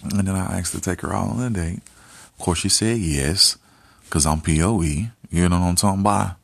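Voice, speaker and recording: A man's voice: low voice, brisk, vocal fry, no echo. A man hosting a couple's channel, telling a personal story in a laid-back, rambling way, full of "you know" and "like". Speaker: host.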